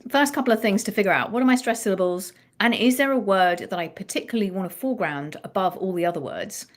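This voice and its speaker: A woman songwriting coach explaining melody writing in a thoughtful live-stream chat, often restarting her phrases. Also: fairly low pitch.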